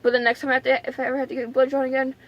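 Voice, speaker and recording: Chatty high-voiced young woman vlogger. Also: flat delivery, rapid-fire, muffled recording. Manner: chatty, dramatic, lots of "like" and "oh my God". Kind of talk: casual vlog storytelling.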